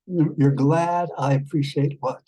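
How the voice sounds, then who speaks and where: Rambling, husky-voiced man. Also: fairly high pitch, steady tone, warm tone, rough recording. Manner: rambling and halting, full of fillers and restarts; tender, calls the listener love and darling. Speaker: vlog host. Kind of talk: casual chat with an AI companion.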